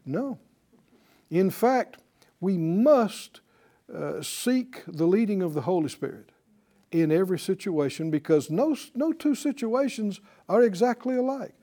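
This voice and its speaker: Man, Bible teacher, sermon delivery, unhurried, mellow tone, emphatic rhetorical questions. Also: high voice, lively intonation.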